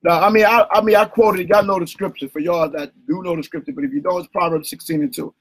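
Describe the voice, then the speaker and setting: A man hosting an informal call-in bible study. He talks in an animated, slangy way and keeps asking "right?". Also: high-pitched, fast talker, hardly any pauses, breathy edge, poor audio. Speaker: bible teacher and host.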